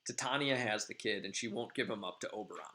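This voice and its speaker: A man's voice: fairly low pitch, fast, sharp tone. A male teacher giving a casual, rambling class lecture, full of filler ums. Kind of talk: classroom lecture summarizing a play.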